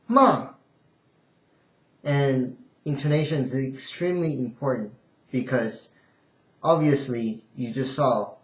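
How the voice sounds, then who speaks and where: A man teaching a language lesson unscripted, halting and restarting with fillers, then singing out tone examples. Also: medium pitch, a little mellow. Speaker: Mandarin teacher. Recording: roomy, dull lo-fi home recording.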